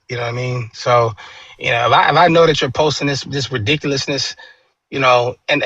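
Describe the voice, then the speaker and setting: A man's voice: mid-range voice, pushed and bright, husky, dry recording, highs cut off. A man talking politics in an emphatic, profane way, stumbling over restarts before landing his point. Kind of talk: casual political chat.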